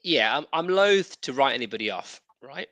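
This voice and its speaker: A man's voice: mid-range voice, big pitch swings, moderate pace, pushed and bright, no echo. A man co-hosting a casual football podcast, talking in emphatic, repeated phrases. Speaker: podcast co-host.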